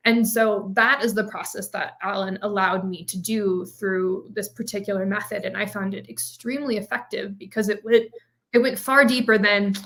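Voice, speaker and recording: A woman's voice: medium pitch, steady tone, moderate pace, fairly bright tone. A woman guest on an interview podcast explains her experience earnestly and thoughtfully. Her voice sits mid-range, and she speaks in a casual, conversational way. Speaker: guest author.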